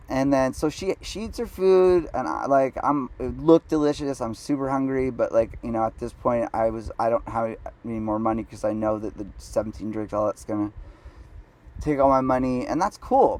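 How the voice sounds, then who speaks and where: A man's voice: mid-range voice, fairly even intonation, normal speed. A man telling a satirical comedic story about a date, sarcastic, self-deprecating and rambling.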